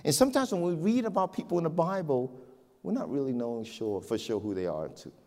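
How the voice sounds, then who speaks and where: A middle-aged male pastor telling a joke and preaching in a church, as an animated storyteller who repeats words. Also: on the high side, brisk. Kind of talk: sermon with a joke. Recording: long church hall reverb.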